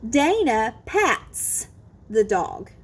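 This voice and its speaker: Female teacher, slightly high voice, deliberate pace, encouraging children's phonics lesson. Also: very animated. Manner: slow, clear, encouraging modelling of word sounds.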